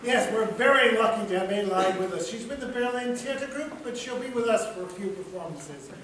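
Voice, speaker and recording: An actor playing a pushy, clueless New York theater director who talks over others breezily. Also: male voice, high-pitched, animated, fairly quick, a bit bright. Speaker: actor in a stage comedy. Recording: echoey stage from far off with noise.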